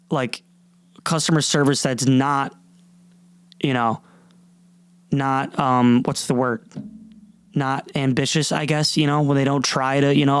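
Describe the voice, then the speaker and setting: Young guy rambling on his podcast, kinda high voice, goofy rants, super dry close mic. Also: clean tone, no echo. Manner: rambling, animated, mocks people in silly voices. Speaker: podcast host. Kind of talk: rambling comedic monologue. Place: warm room, downstairs.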